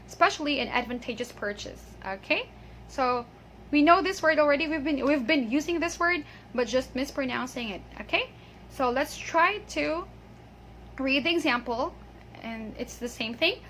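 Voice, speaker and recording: A woman's voice: high voice, pushed and bright, slight background noise. A woman with a Filipino accent giving a chatty pronunciation lesson, laughing often and saying "okay" a lot. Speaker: English pronunciation teacher. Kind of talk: casual video lesson.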